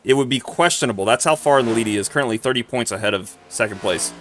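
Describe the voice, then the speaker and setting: A man giving live commentary on a sim racing broadcast, excitable and quick to exclaim at close racing. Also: mid-range voice, slight background noise.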